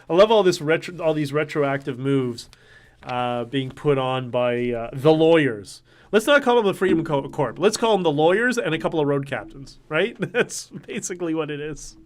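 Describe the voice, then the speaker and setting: A man hosting a casual livestream, talking in an animated, ranting way and swearing now and then. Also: a little high. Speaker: livestream host.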